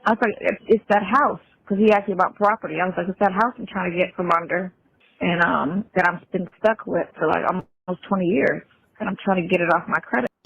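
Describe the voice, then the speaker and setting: A woman with a gravelly, husky voice, rambling through a casual story full of fillers, heard in a played clip. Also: lowish voice, a little fast, fairly bright tone, no room sound. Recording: dull, muffled clip.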